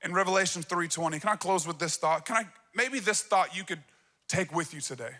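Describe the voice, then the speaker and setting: High, bright-voiced preaching pastor. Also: male voice, brisk. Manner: energetic, emphatic preaching. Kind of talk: sermon. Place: church stage.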